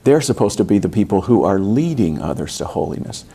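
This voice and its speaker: A man's voice: sits low, very animated, fairly quick, vocal fry, warm tone, breathy edge. A man preaching a sermon in a church, talking in a loose, conversational way with asides and restarts. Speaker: pastor. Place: church sanctuary.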